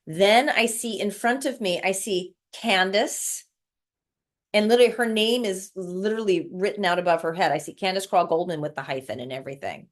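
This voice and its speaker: A woman guest telling an emotional spiritual story in casual conversation, repeating words as she recounts it. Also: mid-range voice. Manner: emotional, repetitive, breathless recounting.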